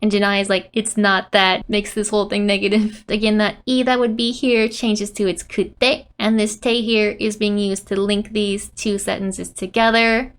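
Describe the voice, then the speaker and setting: A woman casually teaching a Japanese lesson, laughing often and acting out quoted lines in animated voices. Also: mid-range voice, normal speed, hardly any pauses.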